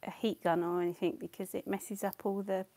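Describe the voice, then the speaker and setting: While painting on her channel's live watercolour demo, this woman chats in a self-deprecating way, thinks aloud, trails off frequently, and responds to viewers' comments. Her warm, mid-range voice moves fairly quickly with little pitch variation. A slight hiss or hum is audible.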